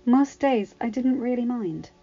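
A woman voicing a bubbly, wide-eyed teenage girl who gushes in a high, breathless voice. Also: lively intonation, a little slow, mellow, slightly rough, soft background music, heavily acted. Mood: wistful. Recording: slightly dull lo-fi recording.

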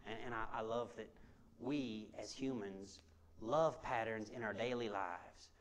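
Here the pastor's lowish voice moves at a measured pace as he addresses his congregation in the sanctuary. The preaching is conversational and repetitive, returning to key phrases and drawing responses with questions to the room.

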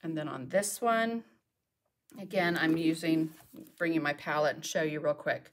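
A woman's voice: sits low, moderate pace, a little hiss or hum. Chatty woman teaching a painting lesson. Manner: chatty, talks to herself while working. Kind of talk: live painting tutorial. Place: home art studio.

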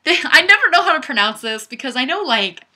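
A young woman with a high, sing-song voice, brisk and pushed bright, hosts a webcam chat from her home setup on a webcam microphone. Bubbly and playful, she reads viewer comments aloud and laughs often.

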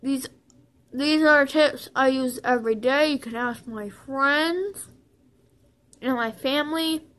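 A young woman talks through a tongue-in-cheek beauty tutorial, high in pitch and taking her time over every word. She rambles playfully, restarts her sentences and jokes as she goes. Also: takes it slowly, a bit bright. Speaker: vlogger.

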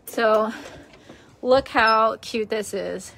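A woman's voice: fairly high pitch, very slow, creaky, fairly bright tone. A young woman from Queens, chatting casually with viewers during a livestream from her childhood bedroom and laughing often. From Queens, New York. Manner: chatty, giggly, talks to viewers.

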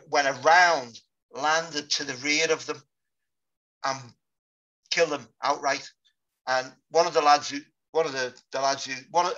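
Sober man recounting combat, bright-toned. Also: mid-range voice. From Britain. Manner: sober, halting recollection. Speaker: guest, war veteran. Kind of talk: interview storytelling. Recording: dull lo-fi podcast audio.

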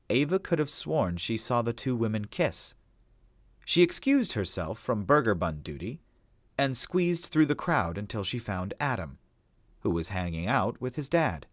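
Male audiobook narrator: low voice, steady and measured. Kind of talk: audiobook narration of web fiction.

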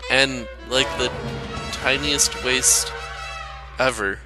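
A man's voice: fairly even intonation, drawn-out words. Goofy man narrating a game, music underneath. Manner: goofy, rambling, bursts into high squeaky impressions. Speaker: gameplay commentator. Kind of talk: casual let's play commentary. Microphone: home microphone, recorded after the gameplay.

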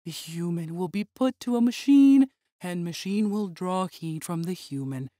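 A woman's voice: fairly low pitch, animated, measured pace, warm tone, no room sound, clean studio sound. A woman voicing a creepy, fanatical monster that mutters and repeats itself about sweet blood. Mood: gloating.

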